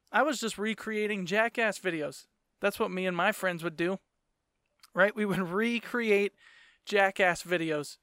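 A man's voice: high-pitched, a bit bright, clear, resonant tone, no room sound, clean studio sound. A man in his thirties hosting a casual solo podcast, rambling, swearing freely and laughing mid-sentence, often tagging his points with "right?". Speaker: podcast host.

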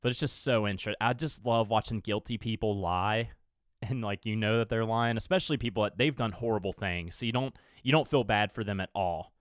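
A man's voice: on the low side, a little fast, dry recording, clean studio sound. A young man hosting his own podcast alone, rambling casually, swearing freely and chuckling now and then. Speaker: podcast host. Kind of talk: casual solo podcast chat.

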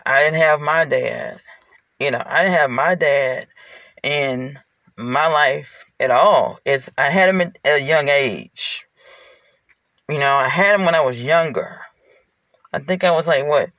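A man's voice: fairly high pitch, fairly bright tone, dry recording. A man talking to his partner from inside a car, in a heartfelt, rambling personal monologue full of fillers. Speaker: parent speaking to a partner.

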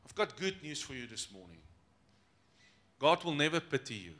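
A man preaches a lively sermon. His voice sits high and sounds bright and forward. He jokes and slips into the voices of his congregation to make his points. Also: normal speed. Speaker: pastor.

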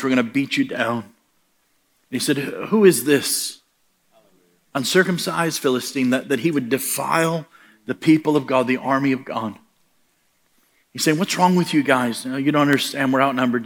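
Middle-aged male preacher, mid-pitched voice, punchy storytelling delivery. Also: steady tone, moderate pace, a bit bright. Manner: storytelling preacher, acts out quoted voices, rising emphatic punches. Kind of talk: sermon.

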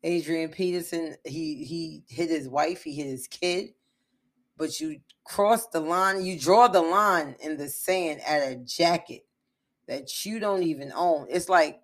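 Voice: mid-range voice, a little slow, fairly bright tone. A commentator delivering an impassioned opinion monologue, emphatic and full of repeated rhetorical questions.

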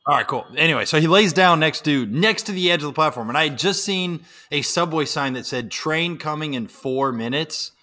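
A man's voice: fairly high pitch, lively intonation, a little fast, hardly any pauses, pushed and bright. A man chatting casually over a remote call, telling a joking story and swearing freely. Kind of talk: casual chat. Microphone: remote call from his computer.

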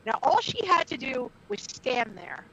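A middle-aged woman, a former wrestler appearing as a podcast guest, tells a heated story in blunt, profane, casual speech. Her high voice is sing-song and unhurried, with a sharp, slightly rough tone. The recording is dull and lo-fi.

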